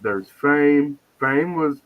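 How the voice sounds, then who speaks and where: A man's voice: fairly high pitch, lively intonation, very slow, phone-quality sound. A man talking in casual, profane, joking banter as a guest on a live podcast stream.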